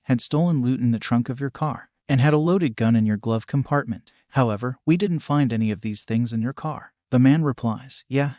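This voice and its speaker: Male joke reader, mid pitch, measured delivery, no room sound. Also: darkish tone, no room sound, clean studio sound. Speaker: joke narrator. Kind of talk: scripted joke narration.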